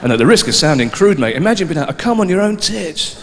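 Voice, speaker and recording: Guy doing standup, high voice, big reverby hall, noisy background. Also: fast talker. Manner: animated, shouting out mock instructions. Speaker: comedian. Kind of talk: stand-up routine. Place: live comedy stage.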